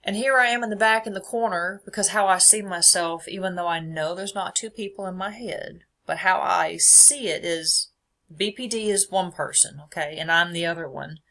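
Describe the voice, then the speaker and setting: A young woman talks through her own podcast in a friendly, chatty way, reading from notes and laughing often. Her voice sits a little low for a woman. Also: moderate pace, sharp tone. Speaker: podcast host. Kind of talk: casual faith podcast, read from notes.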